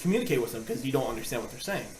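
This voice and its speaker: A man co-hosting a podcast, telling stories in a casual, animated way and laughing often as he acts out quotes. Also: mid-range voice, racing, a little hiss or hum. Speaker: podcast co-host. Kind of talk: casual storytelling chat. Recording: roomy echo.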